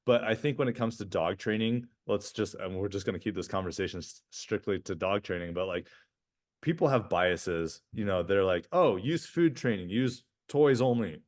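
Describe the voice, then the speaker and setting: A man with a low voice co-hosts a podcast at a moderate pace, chatting casually and animatedly. He often restarts sentences and ends them with "right?".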